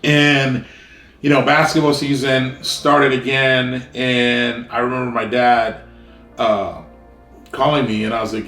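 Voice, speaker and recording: A man's voice: medium pitch, fairly even intonation, unhurried, a bit bright, soft background music. American man telling a childhood story, echoey. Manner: rambling, full of fillers and restarts. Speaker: vlogger. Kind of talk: casual storytelling.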